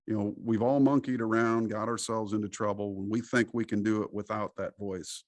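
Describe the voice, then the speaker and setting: A middle-aged man from the United States, a podcast interview guest, talking in an animated, preachy storytelling way. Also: lowish voice, a little fast, hardly any pauses, dry recording.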